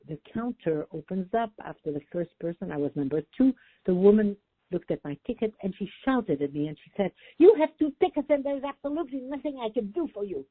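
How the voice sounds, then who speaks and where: An older woman therapist telling a story as a radio interview guest, animated and warm. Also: on the low side, slightly rough, no echo. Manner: warm, animated storytelling, acting out quoted voices. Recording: dry, phone-like radio line.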